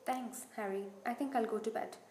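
A woman's voice: fairly high pitch, steady tone, normal speed, a little mellow, roomy sound, a little hiss or hum, close to an everyday voice. A woman voicing a timid teenage boy who mumbles shakily. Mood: shaken. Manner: shaky, mumbling, choked.

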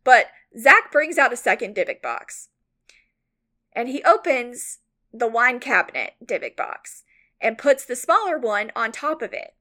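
A woman co-hosting a podcast, casually retelling a story with lots of "like" fillers, rambling and animated. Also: on the high side, a little slow. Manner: animated, mock-outraged retelling. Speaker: podcast co-host.

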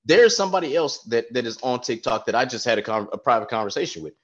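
A man joins a podcast chat as a guest, telling stories with lots of swearing and a lively, swooping pitch. His voice comes through dull and lo-fi, as if over a remote line. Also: fast. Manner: animated, profane, storytelling. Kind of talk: casual chat.

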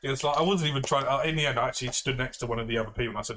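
A man's voice: medium pitch, rapid-fire, hardly any pauses, a little hiss or hum. A young man co-hosting a casual podcast, telling travel stories with lots of laughter and acted-out voices. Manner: animated storyteller, laughs often, acts out quoted voices. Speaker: podcast co-host. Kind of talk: casual chat, storytelling.

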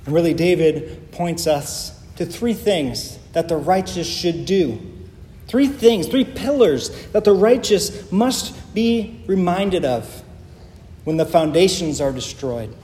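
A man with a high, mellow voice delivers a sermon with earnest emphasis and measured pauses. The sound is roomy and echoey, like a church hall, with a faint hum of ambience behind him. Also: animated. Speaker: pastor.

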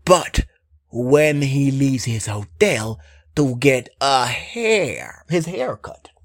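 This casual film recap comes in a mid-range voice with lively intonation but a very slow pace. The speaker is sarcastic and rambling, full of asides, swearing and then apologizing, with "anyway" coming up again and again.

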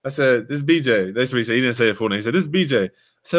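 A young man hosting a casual chat, telling a story in an animated, slangy way and calling his listener bro. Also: medium pitch, very fast. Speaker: podcast host, former player.

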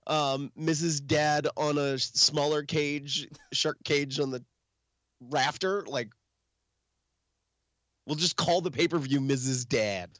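A man co-hosting a casual podcast chat, mostly giving short agreeing replies and quick asides. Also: on the high side, fairly bright tone, no echo. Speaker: podcast co-host.

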